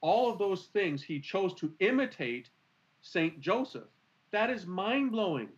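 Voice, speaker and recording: An earnest, expressive man talks through his ideas in a conversation, leaning on rhetorical questions. His voice sits a little high and swings widely in pitch. The recording is slightly muffled and lo-fi. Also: a little slow. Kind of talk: animated conversational teaching.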